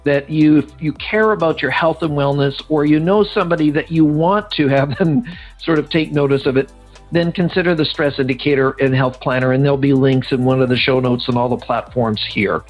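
A man's voice: mid-range voice, brisk. Earnest man hosting a podcast. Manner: earnest, loose phrasing with self-corrections. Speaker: podcast host. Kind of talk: show intro and product pitch. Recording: dull lo-fi sound with faint music.

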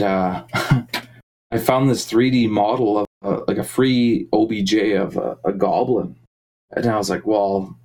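A man's voice: fairly low pitch, darkish tone, rough recording. A man talking casually as a musician guest in an interview, rambling with many fillers and restarts. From Canada.

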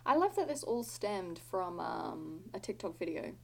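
A woman's voice: on the low side, very animated, moderate pace, creaky, husky. An Australian woman in her twenties co-hosting a podcast, chatty and giggly, rambling with lots of "like". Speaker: podcast co-host. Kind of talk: casual chat.

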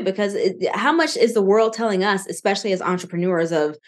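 A woman in her thirties, a podcast guest, telling lively stories and acting out the quotes she recalls. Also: mid-range voice, fast talker, hardly any pauses. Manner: animated storytelling, acts out quotes. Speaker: podcast guest, financial coach. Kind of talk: casual podcast interview.

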